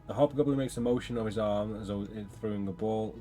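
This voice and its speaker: A man's voice: on the low side, quick pace, faint music behind. A man casually playing a gamebook, joking and reading passages and choices aloud. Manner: relaxed joking banter, reads passages aloud. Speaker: gamebook co-player. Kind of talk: casual gamebook play-through.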